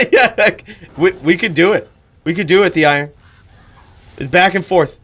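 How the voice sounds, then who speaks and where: A man's voice: high-pitched, unhurried, fairly bright tone, slightly rough. A man hosting a live stream, chatting bluntly and profanely, then calling game fights. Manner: casual, profane, blunt opinions. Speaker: streamer and commentator.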